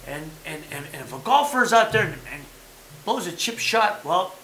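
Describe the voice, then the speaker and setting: A man hosting a casual chat show, talking in an animated, emphatic way and repeating his points. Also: fairly high pitch, moderate pace, echoey room, background noise. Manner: talks about having been a fighter. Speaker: podcast host.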